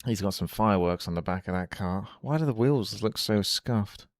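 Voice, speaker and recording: A man talks over his live game stream in a loose, chatty ramble. His voice sits low with a gravelly, creaky edge. The sound is dry and close, with no room echo. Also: normal speed. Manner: chatty, musing aloud with filler likes. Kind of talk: casual live-stream commentary.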